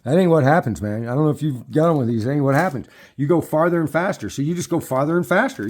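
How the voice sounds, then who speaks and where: A man's voice: mid-range voice, a little mellow. Man in his fifties, profane, rambling, restarting sentences, casual home vlog. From United States. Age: 50s. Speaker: e-bike vlogger. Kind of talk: casual rambling talk to camera. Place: at home near his bikes.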